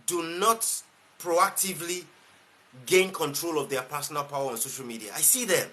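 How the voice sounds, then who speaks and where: Emphatic Nigerian man coaching, bright voice. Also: a little high, moderate pace. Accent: Nigerian English. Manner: emphatic, repeats key phrases, asks rhetorical questions. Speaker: life coach. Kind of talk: motivational live-stream talk.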